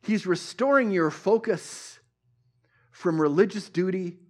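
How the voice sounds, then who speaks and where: A male pastor preaching a sermon at a church service, repeating phrases for emphasis and swinging between loud and hushed. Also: sits high, a little slow.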